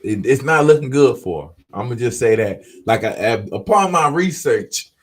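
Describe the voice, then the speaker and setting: A man's voice: medium pitch, lively intonation, moderate pace. Laid-back slangy man hosting a podcast. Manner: laid-back, slangy, chatting with live commenters; closes with an upbeat pep talk. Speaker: podcast host. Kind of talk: casual talk to viewers.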